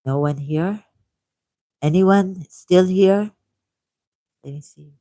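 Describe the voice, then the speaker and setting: A man with a Pakistani accent hosting a livestream, reading a text aloud at a deliberate pace with musing asides and repeated key words. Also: high voice, warm tone, no room sound. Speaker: livestream host.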